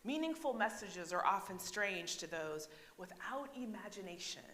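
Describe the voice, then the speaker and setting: A woman's voice: mid-range voice, expressive, normal speed, fairly bright tone. An American woman pastor preaching a conversational sermon, often asking the congregation questions and checking in with "right?". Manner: chatty, asks the congregation questions, frequent "right?". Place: church sanctuary. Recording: echoey church hall.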